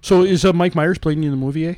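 A man's voice: fairly high pitch, fast talker, a little mellow, dry recording. Joking man ending lines with "eh?". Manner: joking, tacks "eh?" onto sentences. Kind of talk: casual comedic banter.

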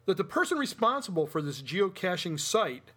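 A man's voice: high voice, very animated, moderate pace, bright, forceful tone, husky. A man co-hosting a podcast, reading out news stories with joking asides in a casual chat. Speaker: podcast co-host.

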